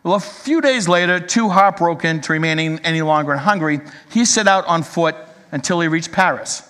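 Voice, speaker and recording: A man with a high-pitched voice delivers an earnest sermon, reading a story aloud in a measured, storytelling way. His words ring out with a long reverb, as if spoken in a large sanctuary. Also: fairly bright tone. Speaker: preacher.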